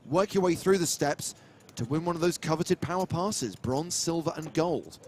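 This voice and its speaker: A man's voice: on the high side, animated, normal speed, darkish tone, slight background noise. A man commentating a live poker stream, calling the cards and reading promotions. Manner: calls cards crisply and reads promotions smoothly.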